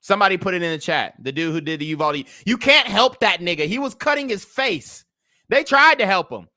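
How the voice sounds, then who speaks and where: A man's voice: sits high, animated, fairly quick, pushed and bright, no room sound, clean studio sound. A young man hosting a livestream commentary show, talking in a heated, blunt, profane way. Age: young adult. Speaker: commentary channel host.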